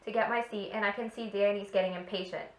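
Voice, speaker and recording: A woman's voice: medium pitch, fairly even intonation, quick pace. A young woman reading her childhood fan fiction aloud, laughing and playfully dramatic. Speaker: co-host. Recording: echoey room.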